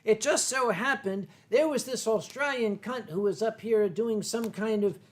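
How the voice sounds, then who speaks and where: A man's voice: high voice, moderate pace. A middle-aged man hosting a casual drinking chat, rambling and swearing with many fillers and restarts. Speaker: host.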